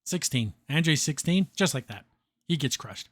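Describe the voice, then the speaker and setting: A man hosting a podcast, recapping an episode in a loose, filler-heavy way and acting out characters' lines in quick put-on voices. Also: a little high, expressive, no echo, studio quality. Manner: filler-heavy, restarts often. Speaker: podcast host reviewing a cartoon.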